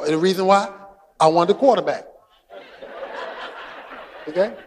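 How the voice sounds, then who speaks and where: High, lively-voiced man preaching in a hall. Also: unhurried, slightly rough. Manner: preaching with shouted emphasis and storytelling asides. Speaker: pastor. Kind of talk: sermon. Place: church sanctuary. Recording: long hall reverb.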